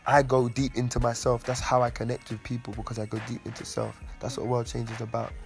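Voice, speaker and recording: Podcast host, mid-pitched, preachy and profane, faint music behind. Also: male voice, monotone, fast, vocal fry. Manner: preachy, profane, emphatic ranting. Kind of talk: casual podcast chat.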